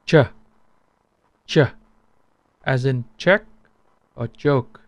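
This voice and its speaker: A man teaching a language pronunciation lesson, repeating each sound slowly so it can be compared. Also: mid-range voice, dry recording.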